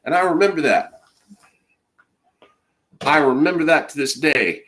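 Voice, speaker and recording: A man in his forties, fighting off a cold, streams an angry and rambling rant full of swearing. His voice has a bright, forceful edge. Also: fairly high pitch, animated, unhurried. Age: 40s. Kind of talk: ranting monologue to camera.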